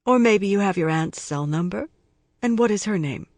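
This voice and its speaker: Kay Scarpetta, calm forensic pathologist, as a narrator voices her. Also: mid-range voice, normal speed, no room sound, pitched above the performer's own voice, lightly acted. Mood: gentle. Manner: gentle, patient questioning. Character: calm middle-aged female forensic pathologist. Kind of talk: audiobook character reading.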